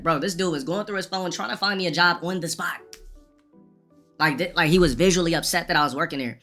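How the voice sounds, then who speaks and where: Fast-talking, profane male streamer. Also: on the high side, sharp tone, soft background music. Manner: rambling, profane, restarts often. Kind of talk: casual storytelling rant.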